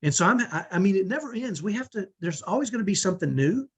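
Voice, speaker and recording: A man's voice: sits high, animated, fast talker, slightly rough. A middle-aged man hosting a live online parenting training on a video call, earnest and emphatic, often tagging on "right?". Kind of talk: live webinar talk.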